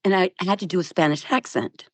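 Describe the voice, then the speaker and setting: Older actress guest, low-pitched and dry-miked, animated anecdotes full of laughs. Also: female voice, brisk, dry recording. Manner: animated, laughs often, restarts. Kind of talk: storytelling interview.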